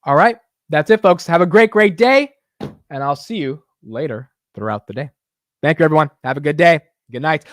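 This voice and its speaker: Male market-stream host, lively chatty delivery, dry close sound. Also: fairly high pitch, normal speed, no echo. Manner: animated and chatty, reads chat aloud, laughs easily. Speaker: stock market livestream host. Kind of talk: casual live market chat.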